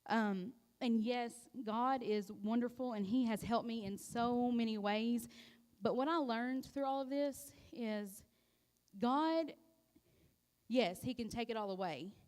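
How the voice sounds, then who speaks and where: A woman giving a personal testimony to a church congregation, heartfelt and halting, with frequent pauses and restarts. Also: a little high, a little mellow, long reverb tail. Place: church sanctuary.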